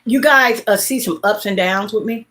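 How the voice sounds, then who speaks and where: A woman's voice: medium pitch, normal speed, a bit bright. Rambling woman in her late fifties. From Mississippi, USA. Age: late 50s. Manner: rambling, repetitive, heartfelt storytelling. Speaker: livestream host. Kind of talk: casual livestream chat.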